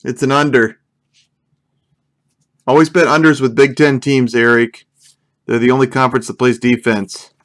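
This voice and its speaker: Chatty young man, card break host, jokey, middle pitch. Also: fairly even intonation, moderate pace, pauses often, a bit bright. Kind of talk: casual live card-break commentary.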